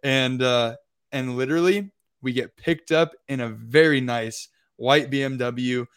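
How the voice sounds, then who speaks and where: A man's voice: medium pitch, a little slow, clean tone. Rambling young man telling a travel story. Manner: rambling, heavy use of filler words. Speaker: podcast co-host. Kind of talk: casual storytelling.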